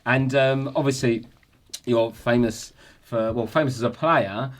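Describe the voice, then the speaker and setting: A man with a South East London accent hosting a podcast, chatty and teasing and quick to laugh. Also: medium pitch, steady tone, slight background noise. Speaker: podcast host. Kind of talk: casual chat.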